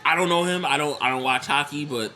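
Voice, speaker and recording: A young adult man giving casual reaction commentary, excitable, laughing often and swearing freely. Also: a little high, brisk. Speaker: wrestling reaction vlogger.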